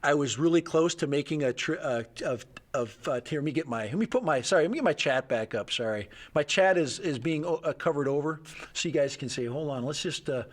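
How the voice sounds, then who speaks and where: A man's voice: a little high, expressive, brisk. A middle-aged man hosting a live stream, chatting casually and rambling, often restarting his sentences and laughing.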